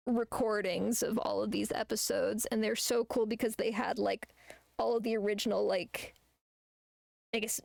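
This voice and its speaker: A woman's voice: medium pitch, creaky, darkish tone, dry recording. A young woman streaming as an artist, chatting casually while drawing. She rambles, laughs often and swears freely.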